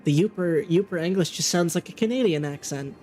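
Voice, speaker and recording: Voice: medium pitch, fairly quick, darkish tone, faint music behind. A streamer in casual chat, playful and swearing freely while trying out accents.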